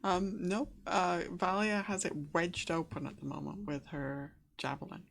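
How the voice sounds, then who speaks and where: A woman's voice: fairly low pitch, normal speed, creaky, slight background noise. A woman narrating as game master, hesitant with many fillers. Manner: hesitant, filler-heavy, laughs often.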